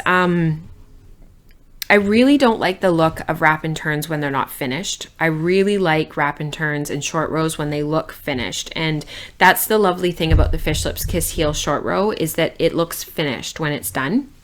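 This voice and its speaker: Low-voiced woman chatting about her knitting. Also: fairly bright tone. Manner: chatty, many ums and restarts, enthusiastic. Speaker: knitting podcast host. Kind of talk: casual show-and-tell chat.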